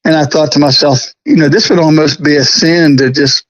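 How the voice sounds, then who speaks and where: A middle-aged man telling stories about restoring a prop in a casual interview, folksy and quick to laugh. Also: fairly high pitch, fairly even intonation, no room sound, muffled recording. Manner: chatty, folksy, laughs often.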